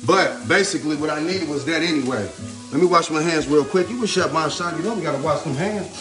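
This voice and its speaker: A man's voice: on the high side, fast, distant mic. A man hosting his own cooking video, chatting through each step in an upbeat way and repeating a favorite catchphrase as he works at the stove. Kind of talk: casual cooking demonstration. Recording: roomy kitchen echo, mic set back, music underneath. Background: music and frying sizzle.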